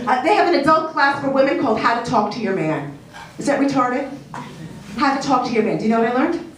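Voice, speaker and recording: A middle-aged woman delivering a chatty, self-mocking stand-up set with a lively, swooping voice. She is heard from a distance in a very echoey club with plenty of noise around. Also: high voice, fast. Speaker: stand-up comedian. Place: comedy club stage. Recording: echoey club from far off, noisy.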